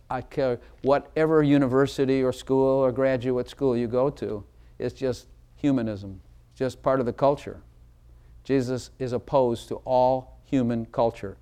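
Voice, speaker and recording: A man's voice: medium pitch, mellow, smooth. Guy preaching in church, punchy delivery, keeps quizzing the people in the pews. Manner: emphatic, asks the congregation questions directly. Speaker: pastor. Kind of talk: sermon.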